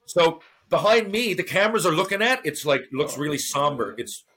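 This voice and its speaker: A man's voice: on the high side, expressive, moderate pace, a bit bright, a little hiss or hum. A man, a former hockey player turned actor, telling stories in a casual podcast interview, acting out other people's lines and swearing freely.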